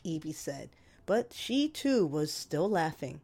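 A woman hosting a radio show, reading her own humorous memoir story with a sarcastic, lively delivery. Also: deep voice, slow, slightly rough. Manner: lively, sarcastic storytelling with animated quoted voices.

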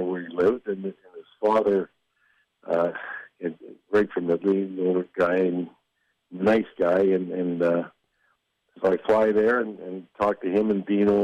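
An older man who once worked as a hockey executive tells stories in a casual interview, rambling, restarting and chuckling as he goes. His voice is deep and darkish in tone. The recording sounds dull, lo-fi and dry.

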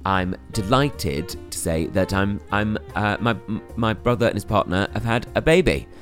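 A middle-aged English man co-hosting a podcast in casual chat, talking haltingly with many restarts. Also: lowish voice, lively intonation, a bit bright, soft background music. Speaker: podcast co-host.

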